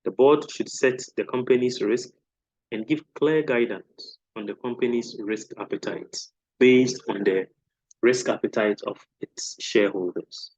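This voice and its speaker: A man lecturing on a course topic in an explanatory way, often checking in with a quick "okay?". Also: medium pitch, a little mellow, no room sound, lo-fi sound. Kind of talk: recorded lecture.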